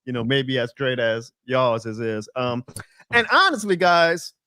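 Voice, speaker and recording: Speaking at a measured pace with a clean tone, this New Orleans guest, a young man with a heavy Southern accent, tells lively, pitch-jumping stories in casual video-call podcast chat. The sound is dry, clean studio audio.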